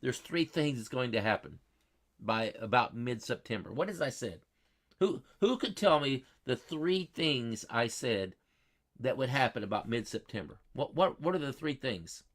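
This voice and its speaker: A man with a drawl talks through a live weather stream. He speaks at a middling pitch, folksy and repetitive, quizzing his viewers and circling back over his points. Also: lively intonation, normal speed, a bit bright. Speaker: weather livestream host.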